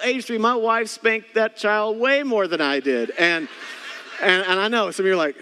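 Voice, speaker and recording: A man's voice: high voice, expressive, fairly quick, pushed and bright, in a large hall. A man in his thirties preaching a casual, joking sermon as a pastor, talking straight to his congregation. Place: church hall.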